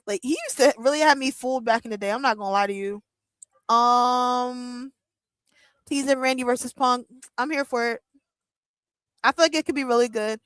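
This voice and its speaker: Chatty, excitable young woman, dry close sound. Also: high-pitched, normal speed, no room sound. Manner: chatty, excitable, lots of "like" and laughs. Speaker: wrestling watch-along streamer. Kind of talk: casual chat.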